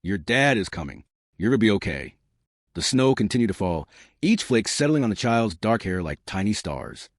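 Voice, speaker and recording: Man, story narrator, low voice, lively swinging delivery, dry close sound. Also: no room sound.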